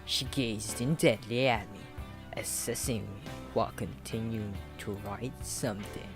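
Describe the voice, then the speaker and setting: Over music, a gaming YouTuber reads a visual novel aloud and adds running commentary. His voice is lowish and steady with a measured pace, and he keeps tripping over words, laughing and mocking himself.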